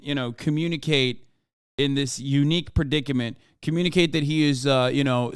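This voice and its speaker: A man's voice: fairly high pitch, smooth, no room sound, clean studio sound. A man hosting a casual political reaction stream, sardonic and profane, mocking as he talks. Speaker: streamer host.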